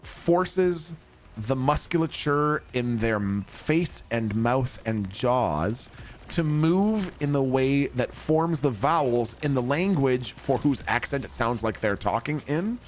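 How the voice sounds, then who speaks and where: A man's voice: medium pitch, lively intonation, takes it slowly. Chatty man streaming to chat. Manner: rambling and chatty, with casual swearing. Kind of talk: casual chat with viewers while gaming.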